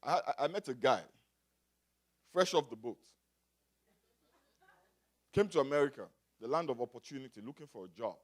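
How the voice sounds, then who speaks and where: A man from Africa preaching a sermon, moving from quiet talk to loud shouting and calling out to the congregation. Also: mid-range voice, expressive, normal speed, long pauses. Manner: builds from quiet to shouting, call and response. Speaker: pastor.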